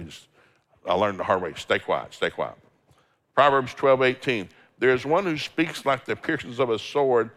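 Here a guest preacher, a middle-aged man, delivers a sermon in a fairly bright, medium-pitched voice. Scripture quotations mix with little dramatized everyday dialogues, all told in a homespun, storytelling manner.

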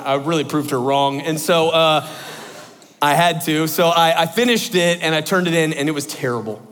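A man telling a personal story to an audience in an animated, excitable way, full of exclamations. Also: fairly high pitch, long reverb tail. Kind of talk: personal anecdote told to an audience.

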